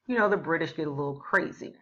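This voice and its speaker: A woman's voice: low-pitched, expressive, fast talker, fairly bright tone. Woman putting on sassy defiant colonists. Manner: casual, sassy talk. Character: French colonists, wary and defiant. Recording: dull lo-fi recording.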